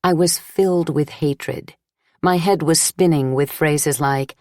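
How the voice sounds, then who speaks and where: A woman reading a novel aloud as an audiobook narrator, in a measured, inward first-person style. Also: low-pitched, a little mellow, dry recording, clean studio sound.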